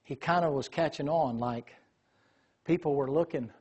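A man telling a lively story in a sermon, acting out the voices of the people in it. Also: fairly high pitch, normal speed, breathy edge. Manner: animated storyteller, quotes voices.

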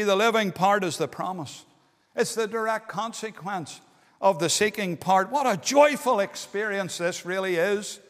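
A man's voice: very high-pitched, a bit bright. A man preaching an earnest, pleading evangelistic sermon in a meeting hall, dwelling on key words. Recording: long hall reverb.

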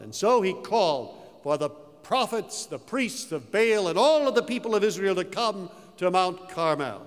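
A male preacher with a high voice tells his story with slow, emphatic phrasing. His sermon rings out in a church sanctuary with a long, echoing reverb. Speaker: pastor.

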